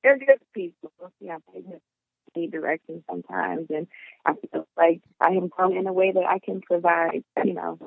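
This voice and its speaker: A woman phoning in to a podcast, chatting in a friendly way with a gravelly voice. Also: lowish voice, moderate pace, dry recording. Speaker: caller. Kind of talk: casual phone call-in. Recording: tinny phone line.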